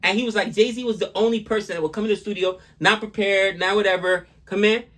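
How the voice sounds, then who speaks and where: A man co-hosting a music reaction show, talking casually in an animated, rambling way. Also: sits high. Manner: animated, talkative, quick asides. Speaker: reaction channel co-host. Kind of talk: casual chat.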